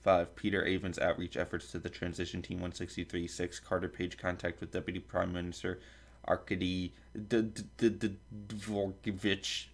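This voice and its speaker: A man's voice: low-pitched, little pitch movement, normal speed. A man hosting a podcast, reading a long table of contents aloud, stumbling over foreign names and making asides. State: dry throat, coughing. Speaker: podcast host.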